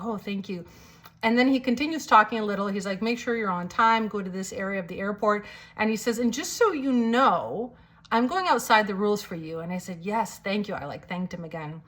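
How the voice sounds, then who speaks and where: A woman's voice: mid-range voice, fairly bright tone. A woman with a slight cold telling a personal faith story in a casual, chatty way, full of "like" fillers and acting out quoted lines. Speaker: storyteller sharing a testimony.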